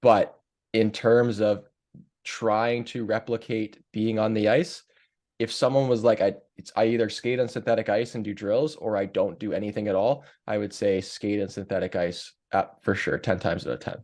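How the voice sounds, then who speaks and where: Low-voiced man co-hosting a podcast. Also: steady tone, moderate pace, darkish tone. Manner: frank, confident, sprinkled with fillers. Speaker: podcast co-host. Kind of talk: casual podcast chat.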